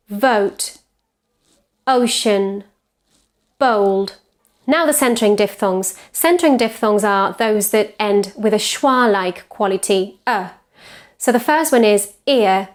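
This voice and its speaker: A woman whose first language is Spanish teaches English pronunciation, modelling each vowel slowly and repeating sounds to contrast them. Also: mid-range voice. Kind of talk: pronunciation lesson.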